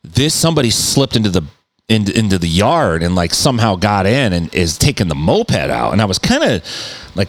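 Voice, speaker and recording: A middle-aged man, a podcast host, telling a story in a loose, animated way, full of swearing and mouth sound effects. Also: lowish voice, a little fast. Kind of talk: casual storytelling.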